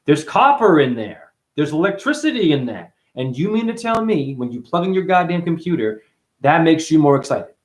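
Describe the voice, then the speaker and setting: A man's voice: high voice, sing-song, brisk. Man ranting, profane and preachy. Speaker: livestream host. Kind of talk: rambling spiritual livestream monologue.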